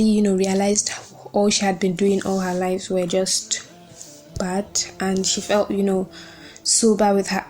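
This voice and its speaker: A young woman hosting a podcast, giving a casual and emotional book review, gushing over the story. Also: mid-range voice.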